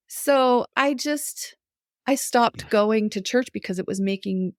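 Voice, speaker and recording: A middle-aged woman, a guest on a podcast, telling a personal story in casual conversation, animated, acting out her own reactions and laughing often. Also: a little high, takes it slowly, no room sound, studio quality.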